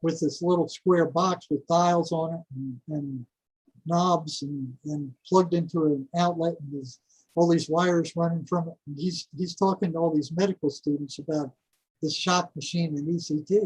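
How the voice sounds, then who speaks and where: An older man, a podcast guest, telling stories in a casual, animated way, often repeating words and chuckling. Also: a little high, normal speed, slightly rough, rough recording. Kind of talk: casual storytelling.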